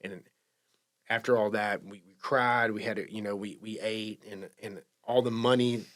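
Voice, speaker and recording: As a podcast guest, a man shares his recovery story casually in a low, unpolished, slightly bright voice with a steady tone. Full of feeling, he talks haltingly, often repeating himself and starting over mid-sentence.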